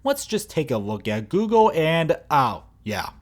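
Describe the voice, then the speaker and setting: Sarcastic man roasting clips, lively pitch. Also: a little slow. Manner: mocking, exasperated, swearing. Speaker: video reviewer. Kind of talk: sarcastic commentary over clips.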